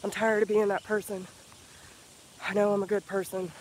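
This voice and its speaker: A man giving an earnest, profane motivational talk in a casual vlog, slowing down and repeating himself for emphasis. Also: high voice, flat delivery, slight background noise, rough recording. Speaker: spiritual healer vlogger.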